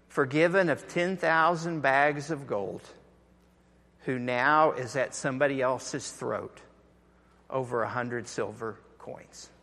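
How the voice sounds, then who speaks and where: A man's voice: mid-range voice, creaky. Man preaching in an echoey hall. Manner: animated storytelling, acting out quoted voices. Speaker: pastor. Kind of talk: sermon.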